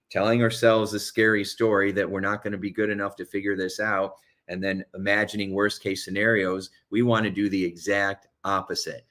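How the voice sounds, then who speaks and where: Fast-talking man giving coaching advice. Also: lowish voice, fairly bright tone. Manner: fast, urgent, coaching delivery. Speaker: hypnotherapist and coach. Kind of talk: motivational self-help talk.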